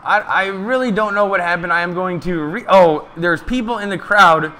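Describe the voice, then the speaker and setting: A man giving casual, excited live play-by-play of a ball game from a stream, chatting to his viewers. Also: sits high, normal speed, slight background noise.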